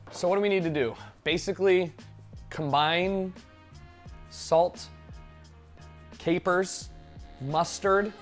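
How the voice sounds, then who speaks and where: A young man streaming himself cooking, chatting casually in a joking, profane, rambling way with sudden loud outbursts. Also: fairly high pitch. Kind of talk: casual live-stream chat while cooking.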